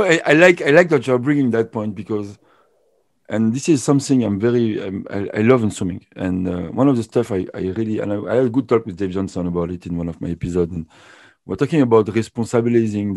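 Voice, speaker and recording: A man asks questions in a low voice with many restarts. His phrasing sounds non-native. The sound is dry, with no room. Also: no echo. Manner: halting, searching for words, non-native phrasing. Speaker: podcast host. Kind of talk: casual interview.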